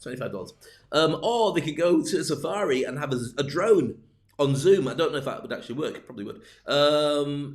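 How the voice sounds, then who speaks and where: A man hosting a live-streamed business talk, rambling with jokey, self-deprecating asides. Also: a little high. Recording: roomy echo.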